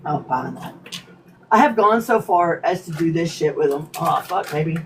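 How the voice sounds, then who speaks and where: A woman hosting a casual livestream, greeting commenters by name and swearing freely, her voice slightly hoarse. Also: low-pitched, lively intonation, moderate pace, slight background noise. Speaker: livestream host. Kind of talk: casual livestream chat and reading her own poems.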